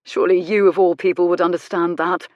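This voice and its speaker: A woman's voice: fairly low pitch, little pitch movement, fast, dry recording, highs cut off, close to an everyday voice. A woman reading an audiobook, voicing a smug, cruel aristocratic man in a self-satisfied, sneering manner. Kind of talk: audiobook character voice.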